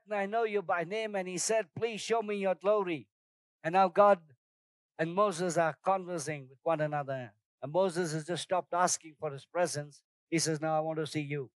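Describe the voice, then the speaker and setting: A man's voice: high-pitched, moderate pace, no room sound. A man preaching a sermon as pastor, telling personal stories and calling on the congregation to respond. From outside Singapore, first trip abroad. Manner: storytelling, animated shouts in anecdotes.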